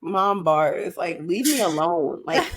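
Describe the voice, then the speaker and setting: Thirties mom on a podcast, blunt and sweary, dry close sound. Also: female voice, lowish voice, lively intonation, takes it slowly, breathy edge, dry recording. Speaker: podcast co-host. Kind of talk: casual chat.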